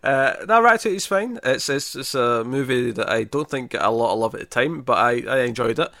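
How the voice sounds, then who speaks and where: A chatty man talks movies with real enthusiasm, often breaking into laughter and restarting sentences. His voice sits at an ordinary pitch. The sound is dry and close, with no room echo. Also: lively intonation, brisk, pushed and bright. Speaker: podcast co-host ranking movies. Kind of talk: casual chat.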